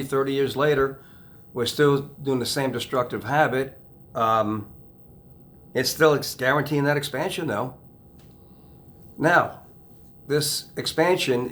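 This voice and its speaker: A man who works as a hypnotist, talking casually to camera about self-help, rambling and restarting sentences, repeating key phrases, and dropping to a soft low "okay?" after each point. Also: a little hiss or hum.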